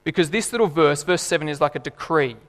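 A man, preaching a sermon in an animated, emphatic way. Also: on the high side, quick pace, long reverb tail. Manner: animated, emphatic, laughs and acts out voices.

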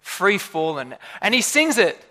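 A man preaching a sermon in a lively, conversational way, full of rhetorical questions. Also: high-pitched, a little slow, in a large hall.

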